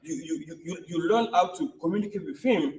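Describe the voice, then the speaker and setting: A man from West Africa talks as a guest in a casual interview, circling back and restarting his thoughts. His voice sits a little high, and he sounds set back from the mic in a roomy, echoing space. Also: darkish tone. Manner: halting, repeats himself, restarts phrases. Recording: echoey room from a distance.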